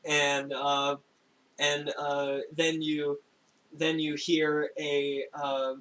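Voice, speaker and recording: A young man in a slightly higher voice runs a tabletop game as game master, casual and halting, laughing often. A faint hum sits under his voice. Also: flat delivery, bright, forceful tone, low-quality recording. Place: home room, recorded for a stream.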